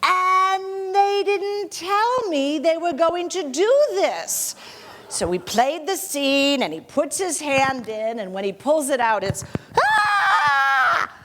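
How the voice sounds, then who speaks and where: A gracious aging film actress, played by a woman on stage, telling her memories softly and modestly with a bright, higher voice that swoops lively up and down. She takes her time, unhurried and gentle. The voice rings out with the long reverb of a hall. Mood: fond, amused. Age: 60s. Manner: soft, gracious storytelling with frequent light laughter. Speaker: actor in a one-woman portrayal. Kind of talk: theatrical monologue.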